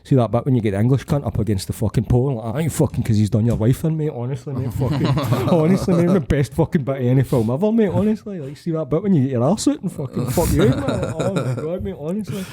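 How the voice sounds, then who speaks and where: Scottish male co-host, warm dark tone, swears freely, rambles with animation. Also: a little high, expressive, fast talker, hardly any pauses, husky. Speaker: podcast co-host. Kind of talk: casual banter.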